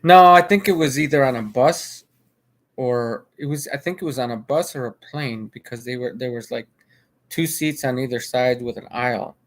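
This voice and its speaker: A man's voice: medium pitch, normal speed. A man casually recounting a video he watched, rambling, restarting his sentences and repeating himself. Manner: rambling with frequent restarts and filler. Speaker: vlogger. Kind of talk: casual spoken commentary.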